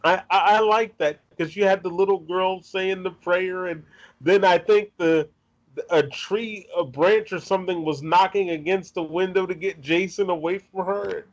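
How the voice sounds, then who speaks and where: A man's voice: high voice, fairly even intonation, moderate pace, highs cut off. A man in his thirties hosting an interview, eager and outspoken, gushing as a fan. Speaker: interviewer and channel host.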